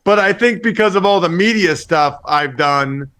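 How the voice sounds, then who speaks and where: A former football player and analyst on a radio show, talking in a lively, teasing, joking way. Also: male voice, high-pitched. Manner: lively, teasing, quick to joke. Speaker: football podcast host and analyst, guest. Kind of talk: casual radio interview banter.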